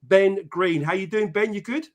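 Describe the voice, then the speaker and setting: Male host, brisk and profane, slightly high voice, reeling off viewer shout-outs. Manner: chatty and profane, greeting viewers by name. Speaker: podcast host. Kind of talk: casual live-stream chat.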